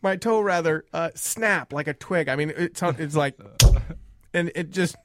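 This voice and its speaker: Man, 30s, animated podcast storyteller, laughs often, slightly high voice. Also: unhurried, background noise. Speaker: podcast guest telling a story. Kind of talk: casual chat.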